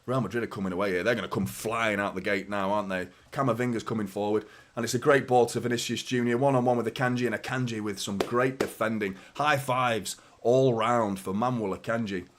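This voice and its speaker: A man, hoarse from a sore throat, hosting a fan watchalong with live match commentary and chatty, sweary, teasing banter. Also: lowish voice, steady tone, brisk, hardly any pauses, a bit bright.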